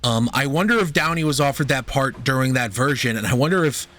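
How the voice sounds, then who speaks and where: A man's voice: mid-range voice, expressive, a little fast, fairly bright tone. A man co-hosting a podcast, sharing fun facts in casual film talk, swearing freely and laughing. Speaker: podcast co-host.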